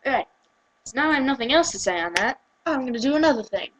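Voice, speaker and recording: High-voiced giggly English teen girl. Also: fast, a little hiss or hum, rough recording. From England. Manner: chatty, giggly and off-topic, acting out quotes in lively voices. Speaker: vlogger. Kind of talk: rambling casual vlog rant.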